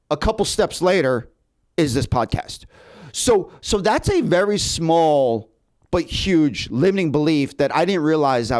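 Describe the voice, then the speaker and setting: A man who hosts a podcast tells stories in easy, casual chat. His voice sits a little high and swings widely, with quick restarts and repeated words. He sounds animated and talkative. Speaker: podcast host and actor.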